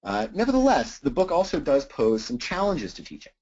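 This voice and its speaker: A man's voice: on the high side, wildly swooping pitch, a little fast, darkish tone. A man giving an academic talk on teaching writing, thinking aloud with many "uh"s and repeated words. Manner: frequent "uh" and repeated words, thoughtful. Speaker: lecturer. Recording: dull lo-fi recording.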